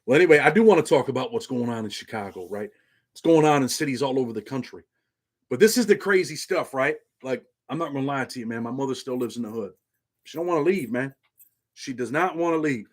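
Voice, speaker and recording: A man's voice: medium pitch, expressive, fast talker. A middle-aged man hosting a casual livestream, talking loosely, saying "man" constantly and reading viewer comments aloud. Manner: loose, repeats "man" often, reads chat aloud. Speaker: livestream host.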